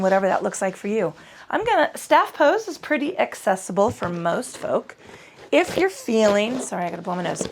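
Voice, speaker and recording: Woman yoga instructor, gravelly low fry, swearing freely, loose and chatty delivery. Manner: irreverent and profane, chatty with self-corrections. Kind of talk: casual spoken yoga class. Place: home yoga space on a mat.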